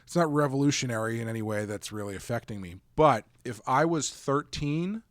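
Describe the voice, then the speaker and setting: A man talks casually as a podcast co-host and wanders through his points, restarting and correcting himself as he goes. His voice sits at a middle pitch for a man. The recording is dry and close. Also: fairly quick, dry recording. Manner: rambling, self-correcting, relaxed. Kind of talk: casual chat.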